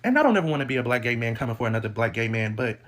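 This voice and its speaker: A man's voice: medium pitch, big pitch swings, rapid-fire, a bit bright. A man ranting in a casual video, sassy and slangy.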